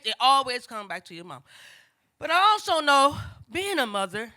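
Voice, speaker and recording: An older woman with tells a family story before a live audience. Her high, bright voice swings through a wide range as she acts out her daughters and granddaughter. The delivery is casual and conversational. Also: very animated, moderate pace.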